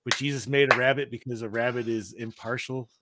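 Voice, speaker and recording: Dude going off about an episode he loves, swearing nonstop, dry close mic, normal pitch. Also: a little fast, no echo. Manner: animated storyteller, swears a lot, says dude. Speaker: podcast co-host. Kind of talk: casual chat.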